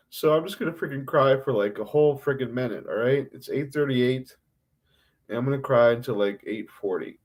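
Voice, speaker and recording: A man giving an emotional, self-critical confessional monologue on a livestream, rambling with halting restarts and frequent swearing. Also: medium pitch, a little mellow.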